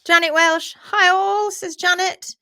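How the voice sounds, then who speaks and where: High, bright-voiced bubbly woman host. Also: fairly even intonation, takes it slowly. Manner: chatty and bubbly, greets viewers by name. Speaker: livestream host. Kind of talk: casual live chat, reading out viewer comments. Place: at home, based in France.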